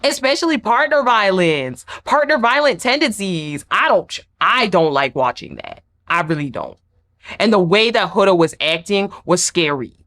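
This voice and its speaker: Animated woman recapping reality TV. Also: medium pitch, moderate pace. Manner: animated, emphatic, acts out quotes. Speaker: recap vlogger. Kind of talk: casual recap commentary.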